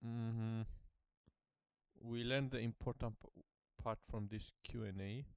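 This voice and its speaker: A man's voice: medium pitch, fairly even intonation, slow, gravelly, clear, resonant tone, dry recording, muffled recording. A man learning a language, repeating phrases aloud and making casual asides.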